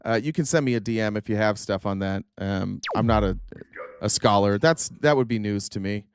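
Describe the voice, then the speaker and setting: A man hosting a political commentary stream, sarcastic and animated as he reacts to clips. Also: lowish voice, brisk, smooth, no echo, clean studio sound. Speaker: streamer host.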